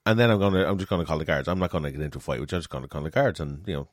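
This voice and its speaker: A man's voice: rumbling low, racing, dry recording, clean studio sound. A man in casual chat, telling a story and acting out the other people's lines. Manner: animated storytelling, acts out customers' lines. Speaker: restaurant manager telling stories.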